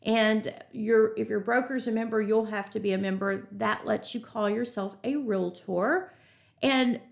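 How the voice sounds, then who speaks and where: A middle-aged woman teaches a live real estate webinar, her slightly high voice carrying a gravelly fry. She keeps an upbeat, chatty manner, greeting viewers in the chat by name and slipping into anecdotes along the way. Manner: chatty storytelling with asides.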